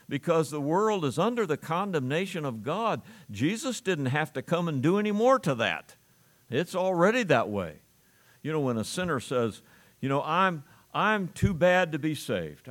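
Man preaching an earnest sermon. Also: a little high. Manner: earnest preaching with emphatic repeated phrases and chuckles. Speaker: pastor.

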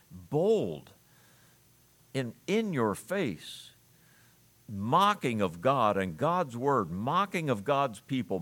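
A middle-aged man preaching a sermon at an ordinary, middle pitch. He talks earnestly and conversationally, and his voice climbs and swells whenever he reads scripture aloud. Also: fairly bright tone. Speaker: pastor.

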